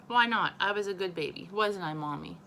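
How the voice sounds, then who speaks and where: A woman reading aloud and voicing a pesky, playful little boy in a high, singsong way. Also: brisk, pushed and bright, a little hiss or hum. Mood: chirpy.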